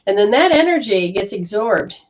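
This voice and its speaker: A woman giving a live channeling session as a spiritual medium, talking in a rambling, animated way that swings between loud bursts and hushed asides. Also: mid-range voice, normal speed, low-quality recording.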